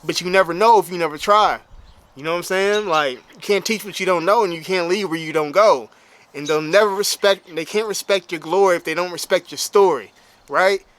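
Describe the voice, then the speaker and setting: A man's voice: high-pitched, a little fast, fairly bright tone. A man, a bodybuilder, telling a story in a casual, slang-heavy way that is full of "you know what I'm saying.". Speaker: bodybuilder and motivational speaker.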